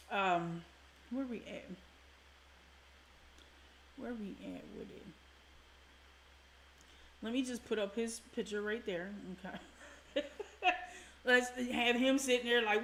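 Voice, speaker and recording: A woman's voice: fairly high pitch, takes it slowly, pauses often, a bit bright, roomy sound, a little hiss or hum. Profane, blunt woman hosting a livestream. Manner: blunt, profane, chatty, greets viewers by name. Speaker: livestream host. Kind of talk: casual live-stream commentary.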